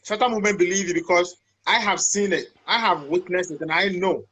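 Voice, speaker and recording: A man's voice: high voice, fairly quick, a bit bright, breathy edge. A man hosting a casual interview, affirming his guest and stumbling over his words as he asks questions. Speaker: interviewer host.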